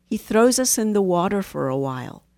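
A woman therapist, a guest on a talk show, calmly telling a story and giving advice. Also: medium pitch, dry recording. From United States. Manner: calm, measured, instructive. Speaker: marriage and family therapist, guest. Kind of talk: casual interview chat, storytelling.

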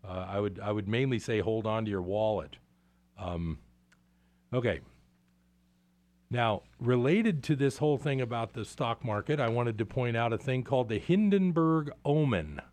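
A man's voice: medium pitch, moderate pace, darkish tone, no room sound. A man hosting a show, delivering sarcastic, exasperated commentary on the markets. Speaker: radio show host.

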